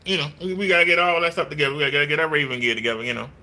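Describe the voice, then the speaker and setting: A man's voice: a little high, steady tone, very fast, bright, forceful tone. A man, talking casually on a live stream in a preachy, repetitive, scolding way. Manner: mimics voices in quotes. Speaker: vlogger.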